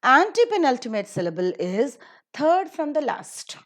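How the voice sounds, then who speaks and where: A woman with an Indian English accent teaching English word stress, reading word lists slowly and clearly and spelling out suffixes letter by letter. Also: high-pitched, very animated, fairly bright tone.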